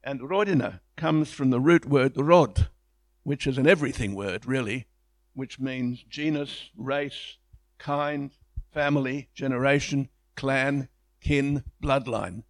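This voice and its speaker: A man's voice: mid-range voice, slow pace, dry recording. A man giving an illustrated public lecture, speaking enthusiastically in a conversational way with frequent restarts.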